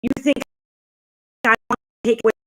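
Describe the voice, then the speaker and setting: A woman hosting a casual livestream, ranting angrily and swearing, repeating herself often. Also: fairly quick. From New Jersey, USA. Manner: angry, profane, repeats herself. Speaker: livestream host.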